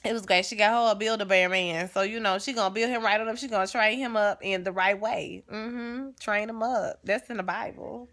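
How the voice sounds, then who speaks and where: A young woman vlogger giving a sassy, animated, chatty recap of a TV episode. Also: mid-range voice, a little fast, hardly any pauses.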